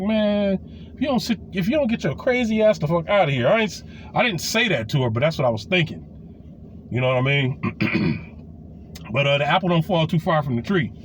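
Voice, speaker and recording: A man in his forties tells a raunchy personal story in a loose, profane storytime style, his talk full of fillers and restarts. His voice sits high for a man and swings widely in pitch as he gets animated. A faint hiss of noise runs underneath. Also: highs cut off. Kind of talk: casual storytime monologue.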